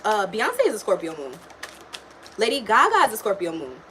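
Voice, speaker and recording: This is a woman running a live tarot reading in a relaxed, unscripted way. Her pitch is mid-range and her talk is slangy and blunt, with casual swearing thrown in. She speaks straight to her viewers as if they were friends in the room. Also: moderate pace, slight background noise. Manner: blunt, slangy, swears freely, talks to chat. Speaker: tarot and astrology reader.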